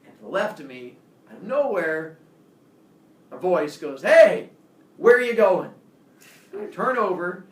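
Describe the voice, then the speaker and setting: A man's voice: a little high, slight background noise. A young man casually telling a personal story, acting out the voices of the people in it. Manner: animated, acts out quoted voices. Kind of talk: casual anecdote. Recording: echoey room from far off, faint ambience.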